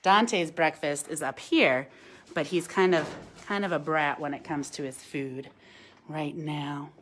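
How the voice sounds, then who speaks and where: A woman with a somewhat low voice leads a live-streamed feeding demonstration at a wildlife center. She slips into coaxing, sing-song talk with the birds between calm explanations. Now and then she reads out and thanks viewer comments, filmed on a phone camera. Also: a little slow, a little hiss or hum.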